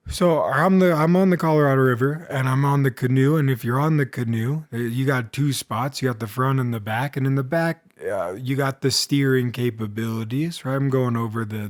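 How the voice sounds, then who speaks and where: A young man vlogger telling a casual, meandering story, full of self-deprecating asides. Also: medium pitch.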